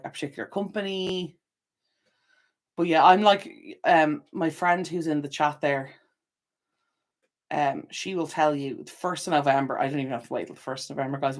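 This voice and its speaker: A young adult channel host chatting casually on a livestream, reading out viewer comments, rambling with frequent laughs and self-corrections. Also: medium pitch.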